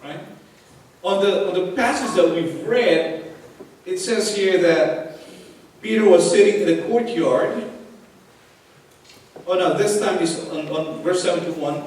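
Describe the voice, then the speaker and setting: A man preaching a sermon as pastor, animated and acting out quotes, with frequent chuckles. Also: high voice, slow pace, pauses often, slight background noise. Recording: echoey hall from far off.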